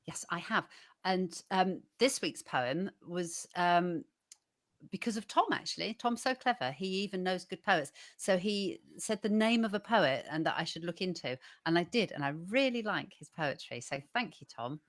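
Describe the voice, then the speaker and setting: Low-voiced woman reading poetry. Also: expressive, normal speed. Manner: chatty, laughs often, reads steadily. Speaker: co-host reading a poem. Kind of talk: casual online show chat and poetry reading.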